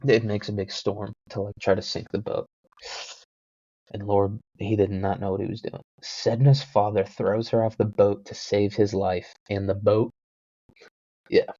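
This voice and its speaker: Man, podcast host, rambling, joking, self-deprecating, low voice, dull lo-fi mic. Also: level tone, measured pace, warm tone, no room sound. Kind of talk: rambling casual storytelling.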